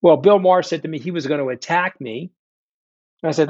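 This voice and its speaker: A man's voice: a little high, brisk, darkish tone, dry recording, highs cut off. A middle-aged man, a guest in a candid interview, telling his story in a blunt, profane, combative way. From New York. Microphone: remote call.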